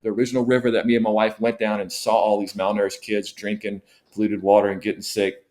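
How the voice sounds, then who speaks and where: A man's voice: on the low side, little pitch movement, fast talker, darkish tone. A middle-aged man, a missionary guest, telling an emotional personal story in a podcast interview, earnest and often repeating himself.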